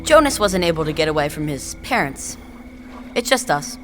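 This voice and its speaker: A performer voicing a timid, easily scared young girl in an audio drama, speaking softly. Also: low-pitched, sing-song, moderate pace, soft background music.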